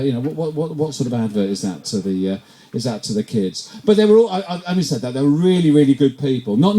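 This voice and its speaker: Rambling English man doing stand-up, mellow voice. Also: mid-range voice. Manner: rambling, self-deprecating, stumbles and repeats words often. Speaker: stand-up comedian. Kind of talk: stand-up set at a comedy night. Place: pub comedy night.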